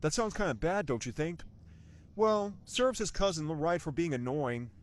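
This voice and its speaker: A young man from the United States rambles through a casual movie review. He often restarts his sentences and tosses in rhetorical questions. His voice sits a little high and moves around a lot. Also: expressive, normal speed.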